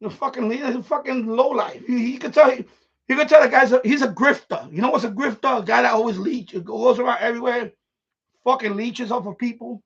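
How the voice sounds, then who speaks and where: A man's voice: extremely high pitch, a little fast, creaky, husky. A man hosting a live stream and telling a profane, worked-up story about a tenant, laughing often as he talks. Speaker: live stream host, landlord. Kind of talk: casual storytelling rant. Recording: dull lo-fi stream audio.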